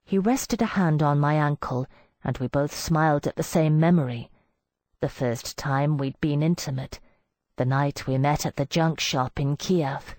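A woman giving a measured first-person audiobook narration into a close studio mic. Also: low-pitched, a little mellow, dry recording.

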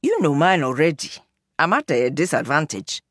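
A woman's voice: sits low, big pitch swings, moderate pace, dry recording, clean studio sound. A woman voicing a charming, easygoing young male journalist in an audiobook, speaking in a playful, teasing way.

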